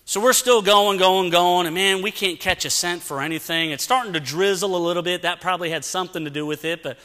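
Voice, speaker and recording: A man's voice: high voice, fairly quick. A man preaching and telling a story with lots of energy, acting out sounds and bits of dialogue in a church. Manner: animated, acts out sounds and dialogue. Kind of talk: storytelling sermon. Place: church sanctuary. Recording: long church-hall reverb.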